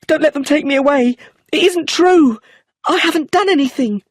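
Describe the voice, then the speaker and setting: A man's voice: sits high, very animated, moderate pace, breathy edge, dry recording, clean studio sound, voice pushed up, heavily acted. A man reading an audiobook, voicing a young widow who screams and pleads in panic. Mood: hysterical. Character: young woman, hysterical widow facing arrest.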